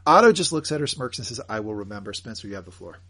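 A man co-hosting a podcast and recapping an episode in casual chat, animated, joking and emphatic. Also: mid-range voice, fast talker, husky. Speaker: podcast co-host.

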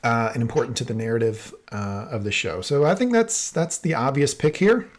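Podcast co-host, male, mid pitch, easygoing, runs the segment. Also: animated, a little fast. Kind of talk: casual chat.

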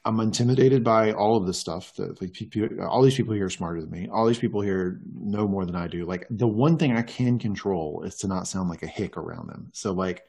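A man from North Carolina with a fairly low voice, chatting casually as a co-host. He speaks candidly and reflectively, as if telling a personal story to friends. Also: fairly quick, creaky, few pauses, a little mellow, slightly rough. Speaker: podcast co-host. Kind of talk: casual chat.

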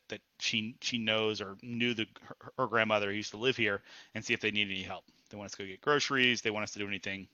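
Bright, dry-voiced man, halting podcast chat. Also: on the low side, no echo, lo-fi sound. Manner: hesitant, many fillers and repeats. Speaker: podcast co-host. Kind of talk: casual chat.

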